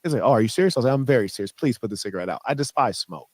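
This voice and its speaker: A man's voice: mid-range voice, expressive, very fast, darkish tone, breathy edge, no room sound. A man in a clipped monologue, boastful and condescending toward commenters. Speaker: online personality in a clipped video.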